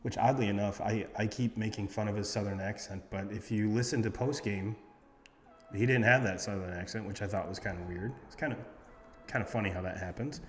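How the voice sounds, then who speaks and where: Man, sports host, rambling stat recap, low voice, long echo, faint music behind. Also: brisk. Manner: rambling, reads off stats with many fillers.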